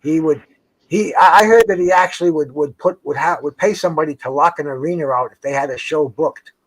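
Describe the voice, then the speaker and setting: A man's voice: fairly high pitch, a little fast. An older man in casual chat, rambling and profane, stumbling over restarts as he talks outdoors by a dock on the water. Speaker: host.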